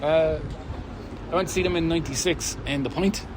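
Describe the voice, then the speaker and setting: A tipsy middle-aged man with an Irish accent, chatting casually and joking. He swears freely and his voice sits a little high. He is recorded outdoors with loud street and vehicle noise. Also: fairly even intonation, fairly quick. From Ireland. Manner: jokey storyteller, swears freely. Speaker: interviewee, fan. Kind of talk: casual chat.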